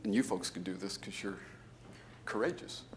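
A man, a business school professor, giving a conference keynote as an animated storyteller who jumps into high, emphatic bursts. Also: normal speed, a little hiss or hum.

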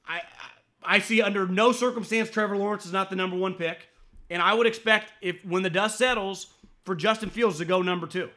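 A podcast host on a sports show gives his opinions bluntly and profanely, stammering and restarting as he goes. He mocks critics in a high, shouting voice.

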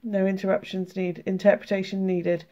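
A woman's voice: mid-range voice, flat delivery, moderate pace, dark tone, highs cut off. A British woman with a sore throat, chatting casually and laughing while she reads out oracle cards, swearing freely. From United Kingdom. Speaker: tarot and oracle card vlogger. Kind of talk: casual card flip-through, reading cards aloud.

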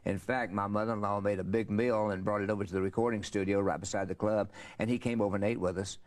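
Folksy older man, quick talker. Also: lowish voice, steady tone. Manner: rambling, folksy storyteller with many fillers. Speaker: interview guest, country singer. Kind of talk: casual storytelling interview.

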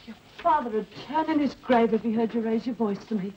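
A woman's voice: on the high side, fairly quick, a little mellow, close to an everyday voice. An actress playing a clinging, reproachful widowed mother in a 1960s TV drama. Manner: reproachful, wheedling. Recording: dull 1960s TV audio with faint hiss.

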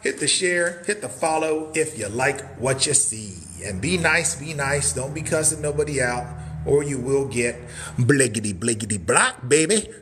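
A man's voice: mid-range voice, fairly bright tone, slight background noise. A man, hosting a hyped live tour of a wooden cabin, full of hype-man catchphrases and sudden whoops. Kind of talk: hyped live sales stream. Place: indoors in a wooden cabin, moving around.

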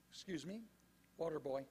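A man preaching a sermon as pastor, animated and conversational, with asides to the congregation. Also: a little high, in a large hall, slight background noise. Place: church sanctuary.

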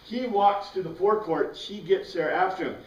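A man's voice: high-pitched, normal speed, a little mellow, dull audio. A man teaching an informal Bible study class, rambling through the passage with asides and restarts. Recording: roomy sound, mic at a distance.

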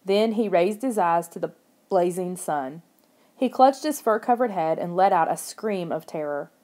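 A woman narrating a children's horror audiobook in the first person, steady and expressive. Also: lowish voice, normal speed.

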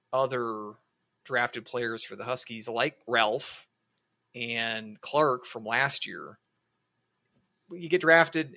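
Guy on a hockey podcast, bright clear voice, thinks out loud, lots of restarts. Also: mid-range voice. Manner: analytical, hedging with many restarts. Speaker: podcast co-host. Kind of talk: casual sports podcast chat.

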